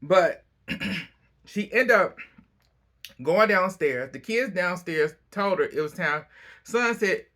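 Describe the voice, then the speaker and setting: A man casually recapping a reality TV episode, chatty and opinionated, breaking into animated asides. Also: high-pitched, slow pace, long pauses.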